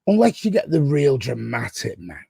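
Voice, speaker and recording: A man from Manchester with a Manchester accent, hosting a casual football chat and bantering, quick to disagree. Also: mid-range voice, huge pitch swings, gravelly, warm tone, breathy edge, dry recording, studio quality. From Manchester, England. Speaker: host.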